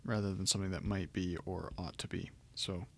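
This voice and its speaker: Low gravelly male Greek teacher. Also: level tone, fairly quick, a bit bright. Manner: explanatory, with frequent ums and restarts. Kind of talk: recorded lecture walkthrough.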